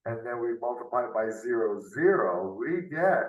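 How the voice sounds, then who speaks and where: A man's voice: mid-range voice, lively intonation, normal speed, muffled recording. A man tutoring math in a loose, unscripted lesson, thinking aloud and often ending with tag questions, heard over a video call. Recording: roomy, from off the mic.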